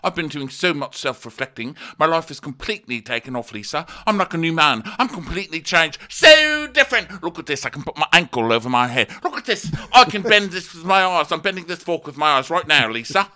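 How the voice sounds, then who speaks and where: A man putting on a boastful, preening reality-show man who brags loudly about how changed he is. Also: medium pitch, a little fast, few pauses, voice pushed up, lightly acted. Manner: loud, swooping, self-satisfied.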